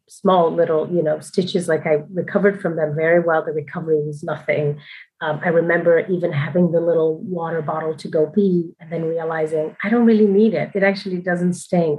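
A woman recounting a personal experience in a loose, candid way, laughing easily and wandering into asides. Her voice sits a little lower than most women's. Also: low-quality recording. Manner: candid and chatty, laughing often, frequent asides and fillers. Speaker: mother telling her birth story. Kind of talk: casual personal storytelling.

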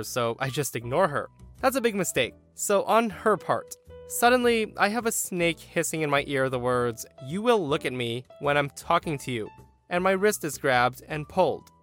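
A man narrating a podcast story with wry, theatrical timing. His voice sits a little high for a man, with soft music faintly behind him. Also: lively intonation, moderate pace. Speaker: podcast host.

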